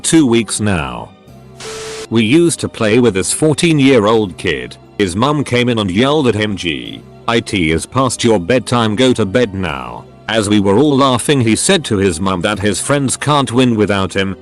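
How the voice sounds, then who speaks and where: A man narrating scripted funny online stories in a lively storytelling manner. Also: fairly low pitch, moderate pace, soft background music.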